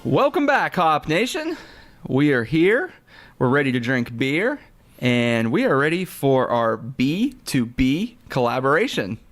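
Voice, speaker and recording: A man co-hosting a beer podcast, talking in a casual, playful, high-energy way. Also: big pitch swings, measured pace, faint music behind. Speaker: returning podcast co-host. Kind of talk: casual chat.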